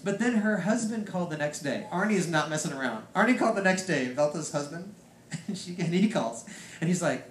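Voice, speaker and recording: A man's voice: high-pitched, lively intonation, fairly quick. A man preaching a personal testimony, rambling with lots of "like" fillers. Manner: rambling storyteller, heavy use of "like". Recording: roomy echo.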